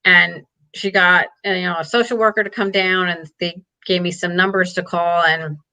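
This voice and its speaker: Earnest middle-aged woman, bright voice. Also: lowish voice, fairly even intonation, moderate pace. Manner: candid, earnest, fillers of "like". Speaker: guest, parent advocate. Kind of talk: emotional personal storytelling.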